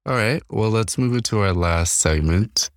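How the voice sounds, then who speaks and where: A man co-hosting a podcast in casual chat, playful and quick to laugh. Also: lowish voice, dry recording, studio quality. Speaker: podcast co-host.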